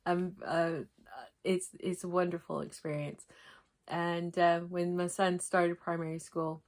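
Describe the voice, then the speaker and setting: A woman with a mixed American and English accent, hosting a crafting vlog in a gentle, rambling chat to camera with frequent restarts. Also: lowish voice, little pitch movement, measured pace. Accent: mix of American and English.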